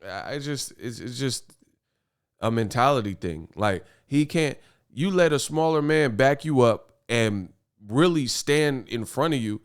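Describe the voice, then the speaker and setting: Smooth-voiced man ranting about boxing. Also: mid-range voice, expressive, a little slow. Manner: emphatic, rambling, repeats punchlines. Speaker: boxing commentary channel host. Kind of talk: opinionated boxing commentary vlog.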